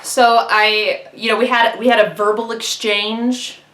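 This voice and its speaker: A young woman telling a comic story in an animated way, acting out the quotes loudly. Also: unhurried. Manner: lively, acts out quotes with loud pitch jumps. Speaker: comedic storyteller. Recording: roomy echo with faint music.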